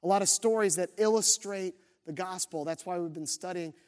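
High-voiced pastor preaching animatedly. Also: male voice, a little fast. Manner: animated storytelling, acts out quoted voices. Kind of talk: sermon.

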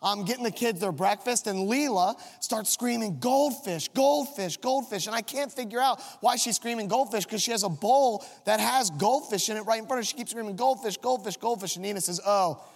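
A man's voice: high-pitched, brisk, hardly any pauses. A man in his thirties preaching a sermon, telling a comic, self-mocking story about his own family. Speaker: pastor. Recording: long reverb of a large hall.

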